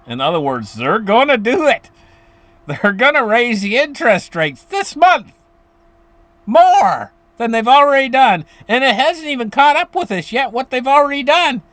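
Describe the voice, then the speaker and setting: A finance commentator explains money topics straight to his audience at normal speed, his high, lively voice bouncing around in pitch. He rambles, restarts sentences, and chuckles now and then, sounding casual and unscripted, with no echo in the recording.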